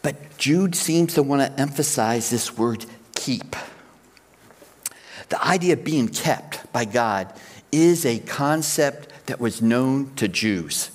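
A man preaching to his church, laying out his points patiently and in threes. His voice sits in a middle pitch. The sound rings with a long reverb from the sanctuary. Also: lively intonation, takes it slowly. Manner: explanatory, counts out points in threes. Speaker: pastor. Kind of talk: sermon.

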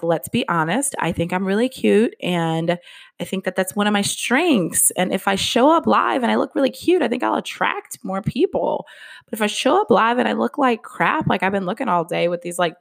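A woman's voice: medium pitch, vocal fry. A woman hosting her own podcast in casual solo chat, out of breath and candid, laughing at herself. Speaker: podcast host. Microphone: podcast microphone.

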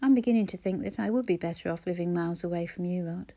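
A wry young mother, voiced by a woman reading a novel aloud. She protests gently and answers her friends with dry humour. Her tone is mellow and soft. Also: lowish voice, quick pace. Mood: protesting.

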